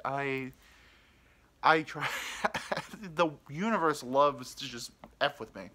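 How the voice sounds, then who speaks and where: A man's voice: mid-range voice, lively intonation, measured pace, sharp tone, slight background noise. A young man hosting a podcast, telling a rambling, self-deprecating story in casual chat. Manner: rambling, self-deprecating, mimics people he quotes. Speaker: podcast host.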